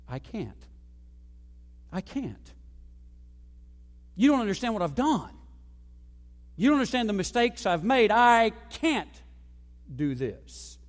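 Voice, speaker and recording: A male pastor delivering a sermon, with dynamic preaching that swings between loud emphasis and soft low asides. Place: church sanctuary. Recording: long reverb of a large hall.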